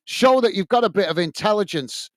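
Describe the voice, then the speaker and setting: British man, fan channel host, chatty, lots of fillers, higher voice, dry close sound. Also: lively intonation, a little fast, no room sound. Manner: chatty, calls viewers mate, many fillers. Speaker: watch-along host. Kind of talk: live match commentary and chat reading.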